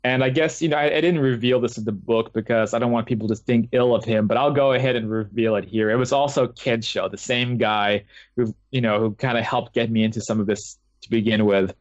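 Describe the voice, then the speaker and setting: A man's voice: medium pitch, fairly even intonation, a little fast, no room sound. Rambling man on a dull, dry call line. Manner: rambling, with many fillers and restarts. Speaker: guest author. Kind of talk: casual interview storytelling.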